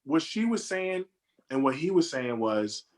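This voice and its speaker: A man's voice: on the high side, sing-song, unhurried. A man co-hosting a casual film-review chat over a video call, repeating words as he builds his argument. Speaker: podcast co-host reviewing a film. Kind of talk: casual group discussion.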